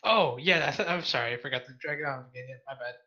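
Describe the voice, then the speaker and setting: A man's voice: mid-range voice, quick pace, dull audio, a little hiss or hum. A man playing a tabletop game over voice chat, often apologizing for his mistakes. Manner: apologetic, self-deprecating, excitable. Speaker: player.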